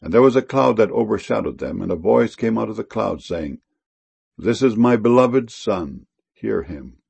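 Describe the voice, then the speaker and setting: A man giving a solemn, measured scripture reading in archaic wording. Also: fairly low pitch, lively intonation, creaky, darkish tone, breathy edge.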